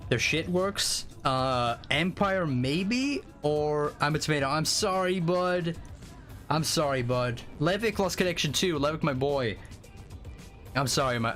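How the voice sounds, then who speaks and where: Man, game streamer, excitable, swearing, very animated pitch, soft music behind. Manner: excitable, profane, rambling. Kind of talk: casual live-stream chat. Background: faint music.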